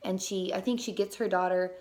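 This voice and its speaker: Young woman telling a story, animated. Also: mid-range voice, fairly quick. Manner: animated, fillers, swears casually. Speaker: mother telling a personal story. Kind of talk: casual storytelling vlog.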